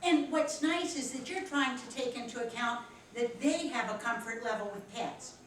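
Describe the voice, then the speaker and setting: A woman with a Philadelphia accent teaches a professional etiquette class, animated and encouraging as she talks with her students. Her voice is fairly high and moderately paced. She's picked up by a distant room mic in a large, echoey classroom, with a little hiss or hum.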